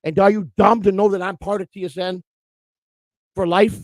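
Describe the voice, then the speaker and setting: A man's voice: high-pitched, fairly even intonation, moderate pace, darkish tone, dry recording. A man co-hosting a streamed morning show, ranting in a profane, repetitive and emotional way. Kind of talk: heated livestream rant.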